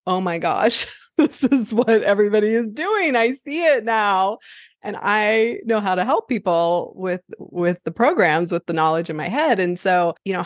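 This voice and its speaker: A woman's voice: on the low side, fairly bright tone, dry recording. Upbeat woman podcast host, dry sound. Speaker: podcast host and business coach. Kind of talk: casual conversational coaching chat.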